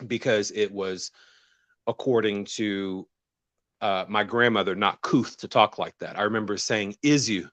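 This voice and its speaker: A man's voice: lowish voice, measured pace, no room sound. A man from the American South, a guest telling stories in casual conversation, laughing often. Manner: laughs often, relaxed storytelling.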